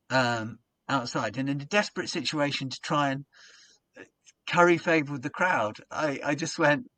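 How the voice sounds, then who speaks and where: A comedian guesting on a podcast tells a funny anecdote in casual conversation, acting out his old stage patter as his energy climbs. His medium-pitched voice is recorded dry, with no room sound.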